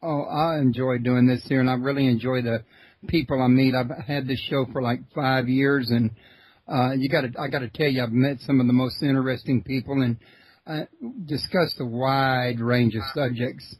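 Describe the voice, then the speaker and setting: A male host of a long-running radio show, talking in a folksy, relaxed way with plenty of fillers. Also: medium pitch, moderate pace, husky, no room sound, low-quality recording. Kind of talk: casual interview talk.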